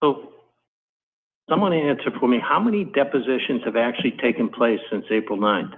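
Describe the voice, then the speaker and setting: A man's voice: medium pitch, lively intonation, moderate pace. A man serving as judge, questioning attorneys firmly and directly. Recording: tinny video-call audio.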